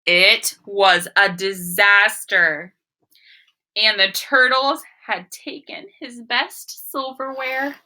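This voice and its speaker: A woman's voice: mid-range voice, steady tone, slow pace, pushed and bright, rough recording. A woman teacher reading a picture book aloud to her class, explaining words and asking questions.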